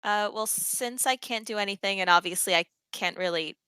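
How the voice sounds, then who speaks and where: A woman's voice: medium pitch, moderate pace, bright, forceful tone, smooth, dry recording, low-quality recording. A woman playing in a casual tabletop game, thinking aloud through her turn and chatting with her friends. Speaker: player.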